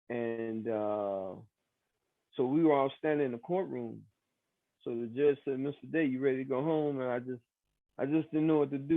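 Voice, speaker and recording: A man, recounting his story in an interview, animated, acting out the voices of other people. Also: medium pitch, dry recording. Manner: animated, acts out quoted voices, many fillers. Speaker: exoneree interviewee. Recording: tinny phone-like sound.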